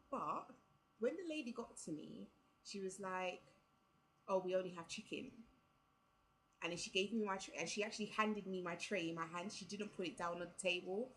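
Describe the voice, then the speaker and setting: A young woman recounting a trip in a loose, chatty vlog, her voice sitting a little low. She leans on "like" and acts out what people said. A faint hiss stays under the recording. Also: a bit bright, low-quality recording. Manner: chatty, full of "like" and quoted dialogue. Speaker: vlogger. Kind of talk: casual storytelling vlog.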